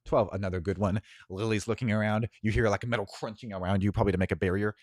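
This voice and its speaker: A man with a very low voice narrates a tabletop superhero game as game master. He talks casually, dotted with ums. The sound is dry and close. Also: fairly even intonation, fast talker, a little mellow, dry recording. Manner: casual, with many filler ums.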